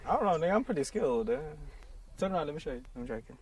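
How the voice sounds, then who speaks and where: A man's voice: a little high, big pitch swings, racing, crowd noise, rough recording. A man as a student in a first-aid class, giving short laid-back answers and jokes. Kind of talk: casual class banter.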